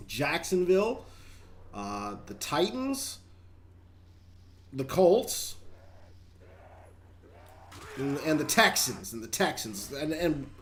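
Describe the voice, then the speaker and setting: A man's voice: a little high, very animated, takes it slowly, long pauses, a little hiss or hum. A man hosting a gaming channel, giving chatty, rambling gameplay commentary and talking straight to viewers.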